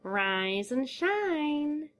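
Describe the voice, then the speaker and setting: Brief: woman putting on a sing-song male killer clown, high-pitched and slow, storybook menace. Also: wildly swooping pitch, pushed and bright, a little hiss or hum, full character voice. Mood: teasing. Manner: sing-song, drawn-out taunting.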